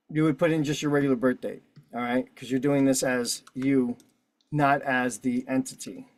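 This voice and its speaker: A man's voice: medium pitch, no room sound. Profane combative man on a video call. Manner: profane, combative, talks while filling out a form. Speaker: online meeting host. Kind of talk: casual instructional walkthrough.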